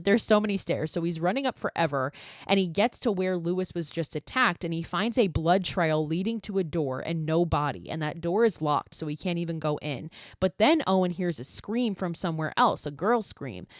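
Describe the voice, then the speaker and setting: A woman with a lowish voice recaps a horror movie scene by scene for her podcast. She talks in a loose, chatty way, full of fillers and casual swearing. The recording is dry and close, with no room sound. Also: dry recording. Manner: chatty and animated, lots of "like" and swearing. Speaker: podcast host.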